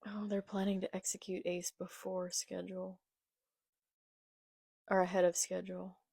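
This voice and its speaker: A woman's voice: fairly low pitch, monotone, normal speed, gravelly, mellow, no echo, studio quality. A young woman reading comic dialogue aloud in a casual reaction video and commenting on it between the lines. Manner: reads manga dialogue aloud, then comments. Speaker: manga reaction vlogger. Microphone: phone filmed in portrait.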